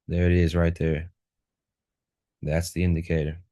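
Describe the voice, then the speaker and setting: A man's voice: low-pitched, little pitch movement, moderate pace, warm tone. A man teaching a live trading lesson, walking through charts and driving points home by repeating key words. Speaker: trading instructor.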